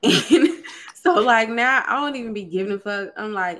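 A woman's voice: mid-range voice, moderate pace, fairly bright tone. A young adult woman co-hosting a podcast, chatting casually, laid-back and profane, laughing often. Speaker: podcast co-host. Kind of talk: casual chat.

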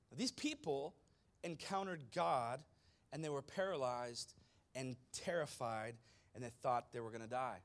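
A pastor preaches a sermon to his congregation dramatically, speaking straight to his listeners and swinging between hushed tones and loud emphasis. His medium-pitched voice is expressive and unhurried.

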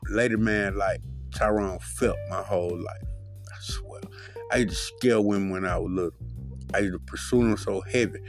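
A man hosting his own solo podcast, talking in a profane, rambling, loose way with lots of fillers. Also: deep voice. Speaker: podcast host.

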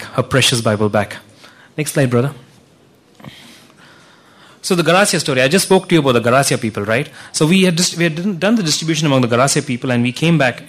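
A man giving an earnest church talk with slides, telling stories with frequent restarts. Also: a little high. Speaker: ministry speaker presenting to a church.

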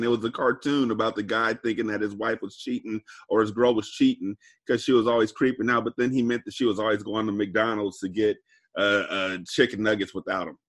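A man co-hosting a podcast in casual chat, telling stories in an animated, joking way with slang. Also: fairly low pitch. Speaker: podcast co-host.

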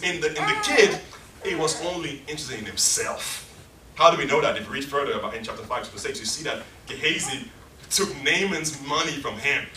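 A man's voice: a little high, pushed and bright, reverberant, distant mic, a little hiss or hum. A man preaching a passionate sermon, acting out scenes in different voices. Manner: impassioned, acts out scenes in many voices.

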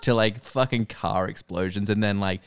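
Young man, casual podcast host, blunt and jokey, lower voice. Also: steady tone, normal speed, clean tone, no room sound, studio quality. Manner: swears a lot, jokey and blunt. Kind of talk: casual chat.

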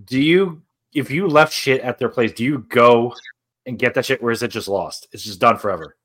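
A man's voice: medium pitch, normal speed, a bit bright, breathy edge. Rambling young man, casual podcast chat. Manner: rambling hypotheticals, lots of "like". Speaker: podcast co-host.

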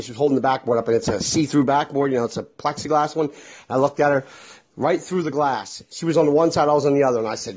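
A man's voice: a little high, slightly rough. A middle-aged man telling a casual, exasperated story with lots of swearing. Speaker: vlogger.

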